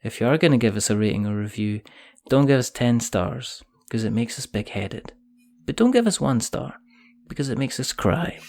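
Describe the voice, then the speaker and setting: A man's voice: medium pitch, lively intonation, moderate pace, vocal fry, few pauses, a little mellow. A Scottish man hosting a casual podcast chat, jokey, rambling and self-mocking. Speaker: podcast host.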